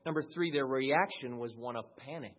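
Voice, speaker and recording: Male pastor mid-sermon; husky, rises to loud high peaks and drops low and quiet. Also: moderate pace.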